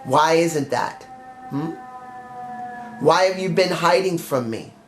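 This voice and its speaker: A man voicing a menacing veteran male wrestler who taunts with slow, goading questions. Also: fairly high pitch, soft background music. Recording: roomy echo.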